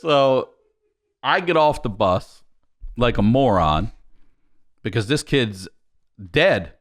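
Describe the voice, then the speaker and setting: Male podcast guest, rowdy raconteur, swings his pitch up and down. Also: slow. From Baltimore, USA. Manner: lively, profane, laughs while telling. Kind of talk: animated storytelling.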